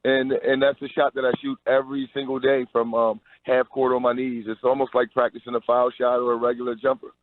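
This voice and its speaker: A man who plays for the Harlem Globetrotters joins a radio show by phone, the line tinny, sounding upbeat and promotional but tripping into restarts again and again. His mid-range voice stays level, and he speaks a little fast with hardly any pauses.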